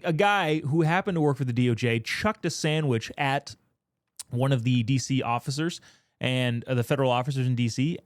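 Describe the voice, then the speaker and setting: A man's voice: mid-range voice, dry recording, studio quality. A man giving casual commentary on news, rambling and going off on tangents. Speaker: political commentator.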